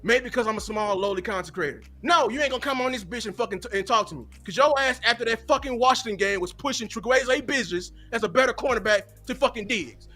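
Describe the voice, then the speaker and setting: Profane ranting man with a bright, husky voice. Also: extremely high pitch. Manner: angry, profane, fast ranting with repeats. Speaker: content creator on a watch party stream. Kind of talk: heated casual rant.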